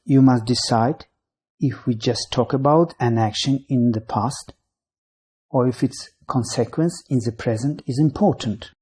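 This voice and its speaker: Lively-pitched, husky grammar lesson voice. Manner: reads rules, word lists and example sentences in a measured way. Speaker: English grammar teacher. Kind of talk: scripted grammar lesson narration.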